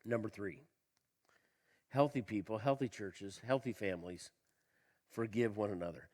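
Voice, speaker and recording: A male pastor preaching a sermon, asking the congregation questions and swinging between loud emphasis and quiet low lines, with a slight cough. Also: normal speed. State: slight cough, tickle in throat. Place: church.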